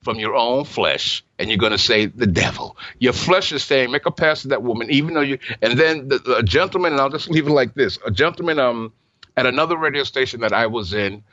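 A man's voice: mid-range voice, animated, fairly quick, pushed and bright, no echo. A man hosting a Christian call-in radio show, sharing a personal testimony earnestly with stammered restarts. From New York. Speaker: radio talk show host. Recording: muffled broadcast audio.

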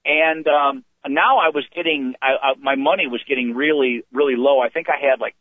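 An older male comedian telling rambling, animated anecdotes as a guest, heard over a phone call. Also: mid-range voice, moderate pace, dry recording. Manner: rambling, animated storytelling with restarts. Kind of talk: anecdotal storytelling. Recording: tinny phone line.

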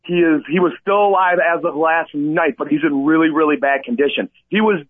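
A man co-hosting a talk radio show, telling a rescue story in an animated way and often asking "okay?". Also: a little high, fairly quick, dry recording. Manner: excitable, repeats "okay?" and addresses Coach. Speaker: radio co-host and kayak tour operator. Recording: tinny phone-line sound, dry.

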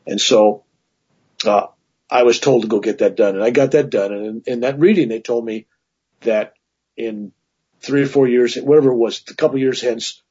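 A man tells a long personal story in a very husky, breathy voice, circling back with restarts and asides. His pitch sits in an ordinary middle range. The recording sounds dull and lo-fi. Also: moderate pace, a little mellow. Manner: rambling, with frequent restarts and asides. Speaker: guest telling a personal story. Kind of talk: casual spoken storytelling.

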